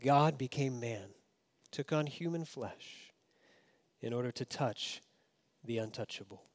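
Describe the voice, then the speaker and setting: In no rush, a man delivers a sermon as pastor, trading raised, emphatic passages for whispered, low asides.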